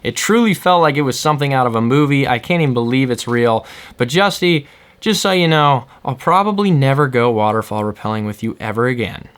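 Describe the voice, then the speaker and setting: A man vlogger animatedly retelling a scary adventure in a casual, excitable way. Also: mid-range voice, fairly quick, clean tone. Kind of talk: casual storytelling.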